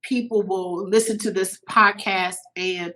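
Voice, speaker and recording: Bright-voiced woman telling an emotional story. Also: mid-range voice, unhurried, low-quality recording. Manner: animated, acts out quoted voices. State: a little teary-eyed. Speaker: podcast guest.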